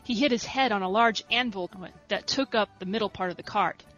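A woman reading a story aloud in a soft, steady narration. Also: mid-range voice, brisk, faint music behind, rough recording. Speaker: reader.

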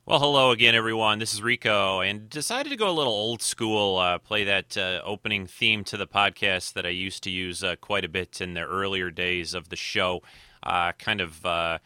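A man hosting his own podcast in casual, rambling talk full of filler pauses, his voice a little nasal. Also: sits low, bright, forceful tone, clear, resonant tone, no room sound. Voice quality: slightly nasal today. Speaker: podcast host.

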